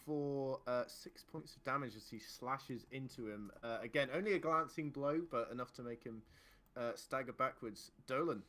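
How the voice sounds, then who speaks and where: A man narrating as game master in an online tabletop game, lively and laughing often as he describes the combat. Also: medium pitch, normal speed. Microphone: online call microphone.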